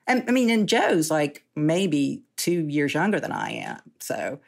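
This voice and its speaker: Low raspy-edged woman around 60, chatty interview storytelling, laughs a lot. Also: unhurried. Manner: animated, laughing often, frequent restarts. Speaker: journalist and interviewee. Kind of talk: candid conversational storytelling.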